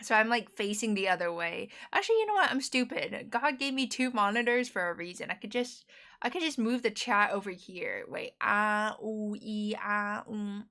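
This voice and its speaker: A woman's voice: on the high side, big pitch swings, a little fast, pushed and bright. A young American woman streamer in casual chat, chatty and giggly, rambling on. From United States.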